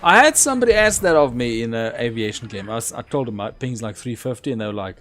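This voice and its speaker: A young man chatting through a live game stream, rambling about his play and breaking into sudden excited shouts. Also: medium pitch, fast talker, hardly any pauses. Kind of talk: live gameplay commentary.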